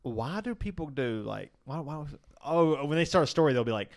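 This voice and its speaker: A man's voice: on the high side, expressive, fairly quick, hardly any pauses. A man co-hosting a podcast, bantering and teasing in a joking way. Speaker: podcast co-host. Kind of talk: casual banter.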